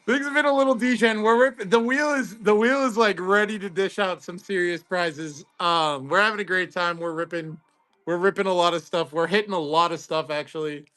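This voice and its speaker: A man hosting a card-opening livestream in casual, excitable chat, greeting viewers by name. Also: high voice, brisk.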